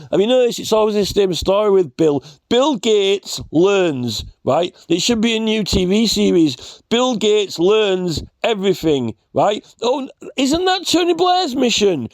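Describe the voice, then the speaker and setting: A man delivers a rambling, scornful rant straight to camera, circling back on himself with fillers and restarts. His voice sits on the higher side for a man. The recording is dry and close with no room sound. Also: darkish tone, no echo. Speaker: vlogger. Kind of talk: ranting commentary.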